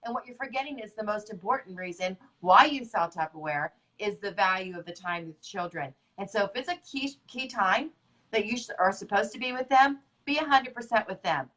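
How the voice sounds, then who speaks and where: A woman's voice: medium pitch, lively intonation, brisk, a bit bright, recorded from a distance, poor audio. A woman leading a motivational business talk, emphatic and fond of repeating her key points. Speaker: business leader and co-host.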